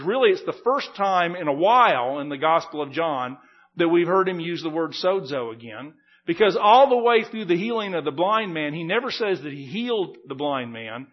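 A man's voice: sits high, highs cut off. A man preaching an expository sermon, earnest and emphatic, often repeating and restarting his phrases. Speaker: pastor.

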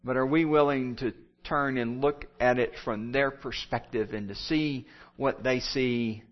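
A man's voice: mid-range voice, fairly even intonation, a little slow, lo-fi sound. A pastor giving a sermon, building his points through repeated phrases and rising appeals.

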